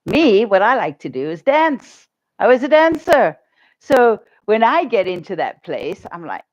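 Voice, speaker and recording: A woman minister giving a sermon, telling stories in an animated way and laughing often. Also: mid-range voice, a little slow, lo-fi sound.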